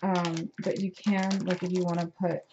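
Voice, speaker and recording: A woman's voice: on the low side, little pitch movement, moderate pace. A woman hosting a casual crafting tutorial, chatty and self-deprecating as she talks while working. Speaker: craft video host. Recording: dull lo-fi home recording with noise.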